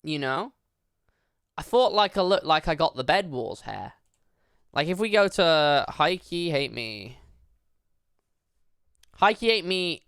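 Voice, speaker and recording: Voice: mid-range voice, lively intonation, slow, long pauses, a bit bright, clear, resonant tone, no echo, studio quality. A livestreamer chatting casually at a home desk, rambling with lots of fillers and casual swearing. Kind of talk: casual live-stream chat.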